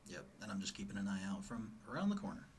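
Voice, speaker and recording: A man's voice: fairly low pitch, sing-song, quick pace, recorded from a distance, a crowd in the background. A man playing a tabletop game in a game store, talking in a playful, jokey way. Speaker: player. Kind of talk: casual tabletop play.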